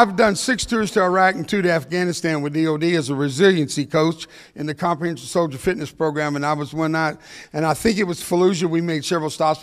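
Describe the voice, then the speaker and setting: An older man speaking in a fairly high voice, spinning a funny personal story for a crowd. He talks quickly, jokes often and laughs at his own lines. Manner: animated, jokey, laughs at his own punchlines; talks fast. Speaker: motivational speaker. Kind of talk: humorous storytelling talk.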